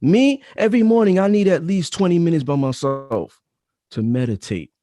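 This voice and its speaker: Mellow man in his thirties, preachy. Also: on the high side, lively intonation, normal speed, dry recording. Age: 30s. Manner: emphatic, repetitive, preachy advice. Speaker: podcast guest. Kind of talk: casual chat.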